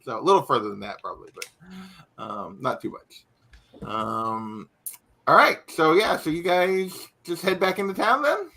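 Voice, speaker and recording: A man's voice: fairly high pitch, very animated, a little slow, vocal fry, bright, forceful tone. A man narrating as game master, casual and loose, with lots of fillers. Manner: casual, filler-heavy, laughs often.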